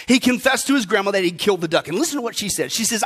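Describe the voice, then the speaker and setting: Preaching a sermon, a male pastor fires off emphatic rhetorical questions, veering from bursts of volume to soft asides. He has a high-pitched, expressive voice with a breathy edge, and he races along.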